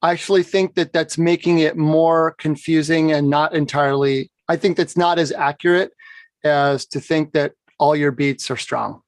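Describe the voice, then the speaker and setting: A man's voice: on the high side, fairly even intonation, moderate pace, no room sound. A man teaching bagpipe playing in an explanatory conversation, often checking in with "right?". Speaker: bagpipe instructor. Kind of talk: instructional conversation.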